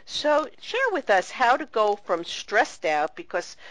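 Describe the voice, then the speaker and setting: A woman's voice: fairly high pitch, big pitch swings, a little slow, fairly bright tone, no room sound, rough recording. A woman hosting a radio interview who asks earnest, emphatic questions.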